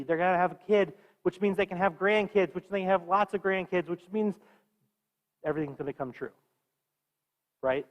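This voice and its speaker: A man's voice: sits high, long reverb tail. A man teaching a confirmation class in a church, talking conversationally and quizzing the students.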